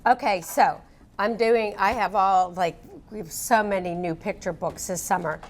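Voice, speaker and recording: A woman's voice: medium pitch, steady tone, moderate pace. A woman, a children's librarian co-hosting a casual chat about new books, who reads picture books aloud with gusto, recorded in a library. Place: public library.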